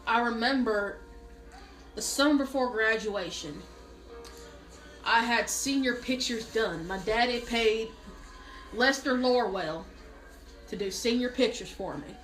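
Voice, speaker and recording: A woman's voice: fairly high pitch, unhurried, pauses often, soft background music. A woman performing a comic monologue, telling a spoiled, self-pitying story with a straight face. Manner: mock self-pitying, deadpan exaggeration. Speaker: comedic storyteller. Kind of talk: mock-dramatic comic monologue. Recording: roomy echo.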